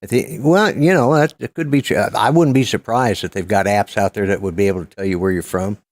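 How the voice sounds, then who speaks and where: A man's voice: lowish voice, brisk, dry recording. A man in his sixties from Colorado with an Oklahoma-tinged Southern American accent, hosting a live stream and telling long rambling stories with casual swearing. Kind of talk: casual chat.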